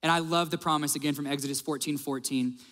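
Animated male pastor in a reverberant hall. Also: fairly high pitch, fast talker. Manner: animated storyteller, acts out quotes. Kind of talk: sermon.

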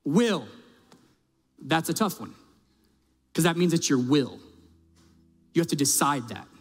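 A man's voice: a little high, expressive, measured pace. A male pastor preaching a sermon in a conversational, emphatic way, asking his audience direct questions. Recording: long reverb of a large hall.

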